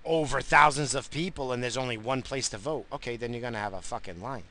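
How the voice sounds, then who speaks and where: A middle-aged man from New York sits in his car and rants with constant swearing and sudden outbursts. His voice is bright and forceful at an ordinary middle pitch. Smoker's coughs break into his talk. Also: quick pace. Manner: crude, swearing, ranting with abrupt outbursts. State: coughing from smoking. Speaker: vlogger. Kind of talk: profane rambling rant.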